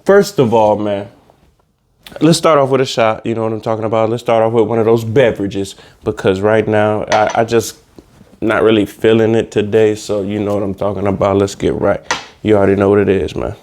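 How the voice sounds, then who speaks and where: A man's voice: fairly low pitch, steady tone, a little fast, a little mellow, slight background noise. A man hosting a comedy podcast, talking in a loose, slangy, repetitive casual monologue. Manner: loose, slangy, repeats himself for laughs. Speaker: podcast host.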